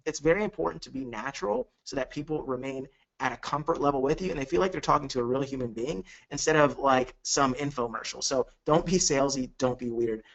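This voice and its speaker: A man's voice: medium pitch, quick pace, creaky, dull audio. A man coaching on a live webinar, talking with energy and acting out quoted phone calls. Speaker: network marketing coach.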